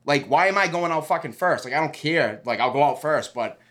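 Man, casual chat, fast talker, profane, rambling. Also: on the high side, lively intonation, a bit bright. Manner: rambling, profane, acts out other people's lines. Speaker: fighter telling a fight story.

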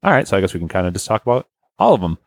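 A man's voice: deep voice, racing, vocal fry, no room sound, studio quality. A man in his thirties hosting a podcast, chatting casually and joking around. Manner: lively, jokey, laughs easily. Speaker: podcast host. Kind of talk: casual chat.

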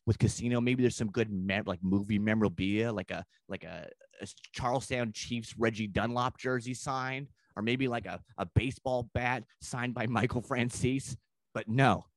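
A man who is a comedian guest on a podcast, telling a long comic story in a rambling, profane way and slipping into quick put-on voices. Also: lowish voice, no room sound.

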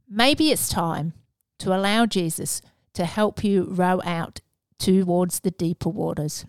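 A woman's voice: mid-range voice, smooth, no room sound. A woman preaching a casual devotional message in an earnest, conversational way, with fillers and restarts.

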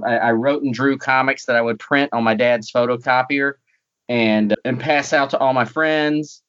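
A man's voice: medium pitch, fairly bright tone, dull audio. A man with a light North Carolina accent, a guest in a casual interview, talking with dry, self-deprecating humor.

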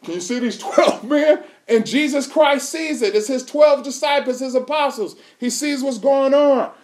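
A man's voice: very high-pitched, moderate pace, darkish tone. A male preacher delivering a sermon, reading scripture aloud and quizzing his congregation with fill-in questions in an emphatic way. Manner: reads scripture aloud in King James wording.

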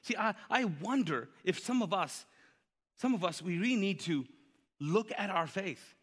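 Man, pastor, conversational sermon, rhetorical questions, high voice, long hall reverb. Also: animated, measured pace, fairly bright tone. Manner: conversational preaching with rhetorical questions and audience call-and-response.

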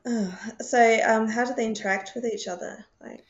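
A woman's voice: on the high side, steady tone, moderate pace. A woman hosting a casual interview, asking short questions and giving brief encouraging replies. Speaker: podcast host. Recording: echoey, dull lo-fi sound.

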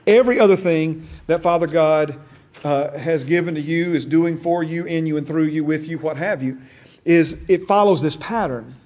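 A man's voice: on the high side, moderate pace, darkish tone. A middle-aged man teaching a church discipleship class, passionate and repetitive, checking in with "okay?". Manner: passionate, repeats and restarts phrases, asks "okay?".

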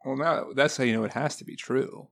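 A man's voice: mid-range voice, a little fast, vocal fry, a bit bright. A man co-hosting a casual comedy podcast who tells rambling stories and drops dry jokes. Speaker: podcast co-host.

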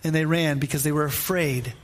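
A man's voice: a little high, fairly even intonation, brisk. A man preaching a conversational sermon, repeating phrases for emphasis and putting questions straight to his listeners. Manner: informal, asks listeners questions directly.

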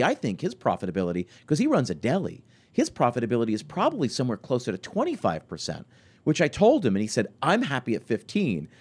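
A man's voice: medium pitch, breathy edge. A man in his forties, a podcast host and restaurant consultant, telling stories in a conversational interview with lots of restarts and fillers. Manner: animated storytelling, many restarts and fillers.

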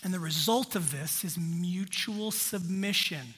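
In a hall with long, ringing reverb, a pastor preaches a sermon. His high, bright voice has a husky edge, and he addresses the congregation unhurriedly in a direct, conversational way.

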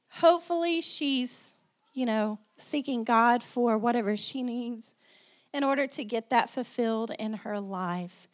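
A woman pastor with a high, light voice preaches to her congregation. She repeats phrases for emphasis and calls out for responses, and a slight cough sits in her throat. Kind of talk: sermon.

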